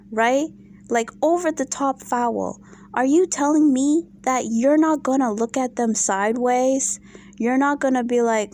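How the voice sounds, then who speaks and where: High-voiced, exasperated woman vlogger. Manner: exasperated, animated, rhetorical questions. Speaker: reality TV commentator. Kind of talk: casual opinion vlog.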